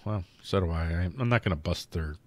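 Hosting a laid-back political news commentary show, this man speaks in a low, darkish voice at a slightly fast pace. He's sarcastic throughout, ridiculing the people he quotes by imitating them in goofy voices.

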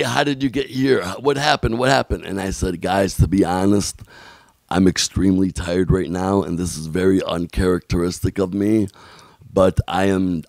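A man telling a long story as a podcast guest, animated and blunt, acting out what other people said and swearing casually. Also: sits low, dry recording.

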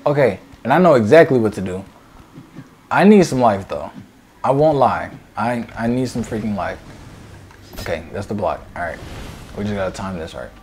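Excitable young man narrating his gameplay. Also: lowish voice, moderate pace, long pauses, a little hiss or hum. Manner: excitable, talks to his viewers, swears mildly. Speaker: gaming video creator. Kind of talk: casual gameplay commentary. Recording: game music loud behind the voice. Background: game music.

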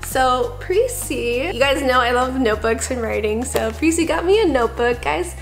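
Faint music plays behind a young woman's high, animated voice as she talks about her Christmas presents at normal speed. Chatty and gushing, this vlogger keeps repeating fillers such as "like" and "I don't know."

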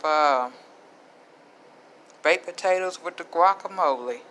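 A woman's voice: deep voice, slight background noise, low-quality recording. A middle-aged woman vlogger chatting casually to camera as she shows her food haul, with faith-filled asides.

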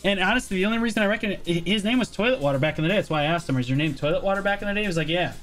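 A man streaming a game, talking casually with lots of swearing, and breaking into exasperated yelling now and then. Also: high-pitched, racing, faint music behind. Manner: profane, exasperated outbursts and yelling. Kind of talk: livestream gameplay commentary.

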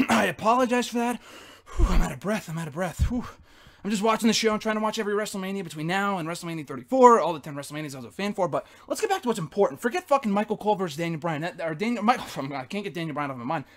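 Man, young adult, reaction vlog, frantic, profane, loud disbelief. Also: high-pitched, lively intonation, racing, hardly any pauses. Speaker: wrestling reaction vlogger. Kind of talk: excited instant-reaction rant.

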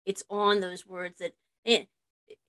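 A woman's voice: medium pitch, level tone, unhurried, a bit bright. Earnest woman host, chatty. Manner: earnest, repeats words when starting. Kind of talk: casual chat.

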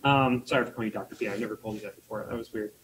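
A man's voice: on the low side, fairly even intonation, racing, a little hiss or hum, rough recording. Playful man explaining vocal mechanics. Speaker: voice teacher presenter. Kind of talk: conference presentation.

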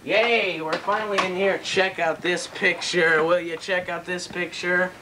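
A man's voice: sits high, little pitch movement, a little slow. A teenage boy acting as an exasperated, sarcastic homeowner who keeps grumbling about intruders in his house. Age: teens. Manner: exasperated, sarcastic, shouting now and then. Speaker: annoyed homeowner. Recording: hissy lo-fi home video.

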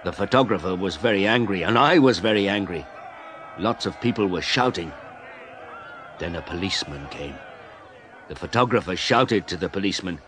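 Male story reader, low-pitched, slow deliberate narration. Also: fairly bright tone, slight background noise.

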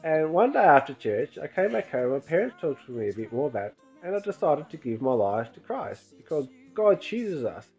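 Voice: medium pitch, very animated, normal speed, few pauses, a little mellow. A presenter giving a short, friendly, earnest testimony to children on a church show. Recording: dull lo-fi sound with faint music.

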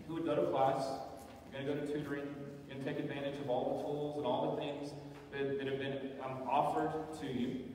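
A man's voice: mid-range voice, slight background noise. Male pastor preaching in an echoey hall. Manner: conversational preaching with frequent "right?" asides. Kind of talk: sermon. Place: church sanctuary. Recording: echoey church hall, voice from far off.

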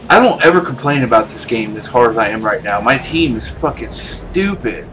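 A man commentating his own gameplay casually, ranting and swearing at his teammates, his voice jumping up into yells. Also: mid-range voice, expressive, moderate pace, noisy background. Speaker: gameplay streamer.

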